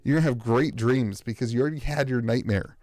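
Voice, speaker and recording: A man's voice: mid-range voice, fast, a little mellow, no echo, clean studio sound. An American man streaming live as he opens card packs, rambling with sarcastic, self-mocking banter.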